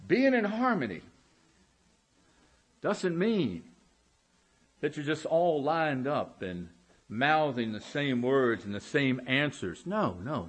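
A man's voice: medium pitch, very animated, slightly rough. Emphatic male pastor preaching. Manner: emphatic, slow drawn-out words, calls out for amens. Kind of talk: sermon. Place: church sanctuary.

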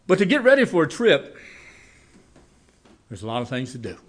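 Pitched on the high side with huge swings, a preacher spins a folksy, homespun tale in his sermon. Some lines come loud and fast, others slow and hushed.

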